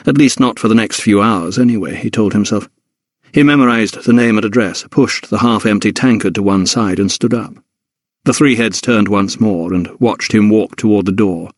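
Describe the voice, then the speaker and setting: A man reading a historical mystery audiobook in a measured, steady narration. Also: lowish voice, dry recording, studio quality. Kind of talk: scripted narration.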